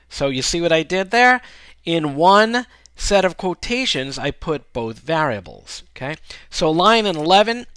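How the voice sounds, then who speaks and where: Male tutorial host, casual and upbeat, lively bright delivery, dry close mic. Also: on the high side, no echo. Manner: casual, upbeat, often checks in with "right?" and "okay?". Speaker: programming instructor. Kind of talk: screencast coding tutorial.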